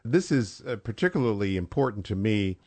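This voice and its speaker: A man, a pastor guest on a radio program, preaching in a measured, emphatic way that lifts on key phrases. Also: lowish voice, sing-song, warm tone, no room sound. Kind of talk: preaching on a radio talk show.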